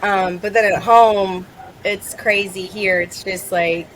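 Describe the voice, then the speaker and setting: A woman's voice: mid-range voice, fairly even intonation, takes it slowly, fairly bright tone, slight background noise, low-quality recording. A woman in her thirties from North Carolina, chatting casually and laughing often as a guest. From Charlotte, North Carolina. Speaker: guest, plant grower. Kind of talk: casual chat.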